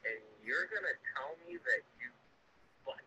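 An angry man leaving a voicemail, swearing with shouting bursts, played back from a phone. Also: fairly high pitch, huge pitch swings, moderate pace, gravelly, dull audio, slight background noise.

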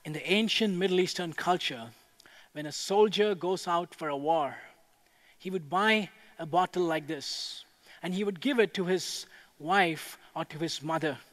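A man preaching a sermon as a pastor, with a measured delivery that builds to impassioned proclamation. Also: high voice, a bit bright. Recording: echoey hall with long reverb.

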